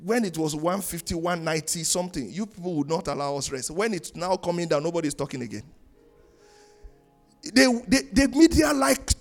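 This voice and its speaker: A high-voiced man delivers a church sermon with emphatic preaching. He rises into loud, sung-out phrases and drops to low, quiet asides. Faint music sits behind him. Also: lively intonation, brisk. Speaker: pastor. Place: church in Canada.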